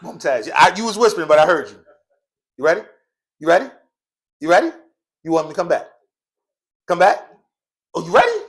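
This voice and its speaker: A man's voice: on the high side, sing-song, quick pace, pauses often. A man teaching an Arabic class in a mosque classroom, drilling students in call and response, joking and laughing often in slangy casual speech.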